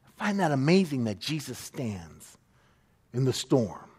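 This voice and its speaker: A man's voice: sits high, sing-song, a little slow, in a large hall. A man preaching a sermon as pastor, earnest, and often acting out the people he quotes.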